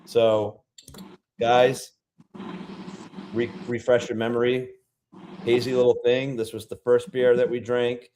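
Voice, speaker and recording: A man with a Rhode Island accent chats casually while hosting a livestream. He rambles, restarts sentences and fills pauses, in a mid-pitched voice. Faint noise sits underneath. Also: level tone, darkish tone. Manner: chatty, rambling with many fillers and restarts. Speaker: beer-tasting livestream host.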